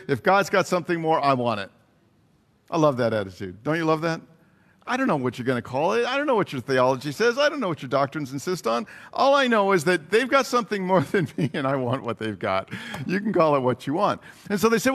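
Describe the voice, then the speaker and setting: A man's voice: a little high, a little fast. Man preaching in a reverberant hall. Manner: animated storyteller, acts out quoted voices, chuckles between lines. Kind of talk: sermon storytelling.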